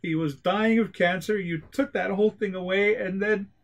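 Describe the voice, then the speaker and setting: A man doing a furious grieving widow, shrill. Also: fairly even intonation, moderate pace. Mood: bitter.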